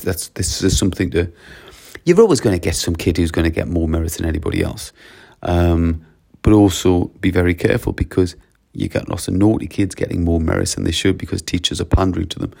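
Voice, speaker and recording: A man's voice: sits low, gravelly, darkish tone, breathy edge. A man, a school leader talking in a casual solo podcast, chatty and anecdotal. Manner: chatty, anecdotal, acts out short exchanges.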